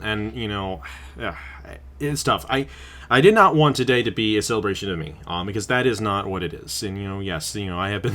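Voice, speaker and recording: A man, host of a racing channel, speaks with his voice breaking as he cries. He laughs softly through the tears and thanks his audience in a heartfelt, halting way. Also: lowish voice. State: crying. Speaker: channel host and race commentator. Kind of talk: emotional closing remarks on a stream.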